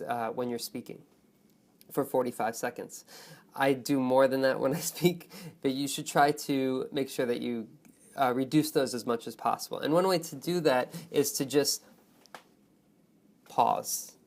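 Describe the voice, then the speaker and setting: A male teacher walks students through a speaking self-check in a friendly, expressive voice. He stretches important words to stress them and often checks in with "right?" and "okay?". His pitch sits in an ordinary middle range. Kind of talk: online lesson on test speaking.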